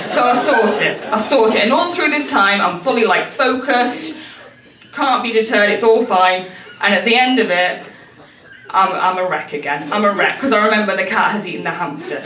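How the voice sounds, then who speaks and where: A woman's voice: medium pitch, normal speed, bright, forceful tone. A woman telling a self-mocking stand-up story, laughing through her lines. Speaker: stand-up comedian, PhD student. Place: stage at a comedy night before a live audience. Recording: roomy venue, distant mic, audience laughter.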